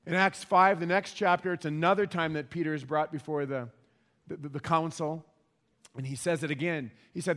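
Pastor, male, higher-pitched, emphatic sermon delivery, questions the listeners. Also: moderate pace, fairly bright tone. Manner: emphatic, repeats key points, asks the audience questions.

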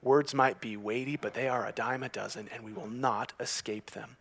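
A man preaching a sermon as pastor, moving from hushed, slow passages to emphatic, rising ones, and reading scripture aloud. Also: medium pitch, fairly even intonation, gravelly.

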